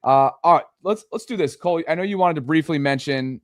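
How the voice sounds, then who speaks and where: A man's voice: fairly high pitch, fairly quick, no room sound, studio quality. A man hosting a casual sports roundtable podcast, rambling and joking as he sets up the topics. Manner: rambling, joking, many restarts. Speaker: podcast host.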